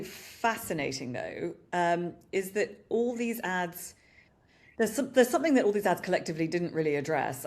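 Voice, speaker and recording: A British woman co-hosting a podcast, chatting casually and with animation about advertising, often saying "you know". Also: on the low side. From Britain. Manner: animated, upbeat commentary with frequent "you know". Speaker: podcast co-host. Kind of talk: casual marketing discussion.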